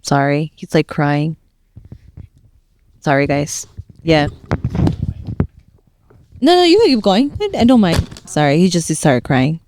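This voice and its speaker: A woman's voice: deep voice, big pitch swings, a little slow, pauses often, noisy background. A woman hosting a casual podcast, laughing easily and swearing, with constant agreeing murmurs. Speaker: podcast host.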